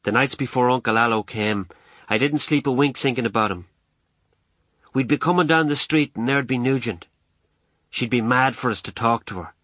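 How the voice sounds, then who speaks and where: A man reading a first-person novel aloud, telling it in a wry, lively, colloquial way. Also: mid-range voice, normal speed, no echo. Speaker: audiobook narrator.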